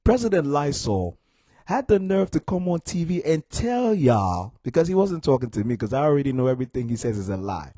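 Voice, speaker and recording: A man's voice: medium pitch, sing-song, a little fast, mellow, no echo. A young man giving a heated, exasperated live stream rant to his viewers, repeating himself and calling them "y'all". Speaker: political commentator streaming live.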